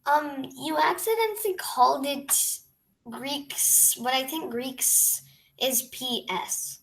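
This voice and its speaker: Woman student, high and slow, hesitant, quiet and distant. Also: animated.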